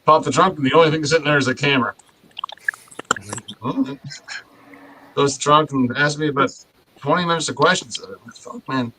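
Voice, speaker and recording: A man's voice: fairly high pitch, brisk, pauses often, bright, forceful tone. A man telling a story in a casual chat, rambling with frequent restarts and casual swearing. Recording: noisy podcast audio.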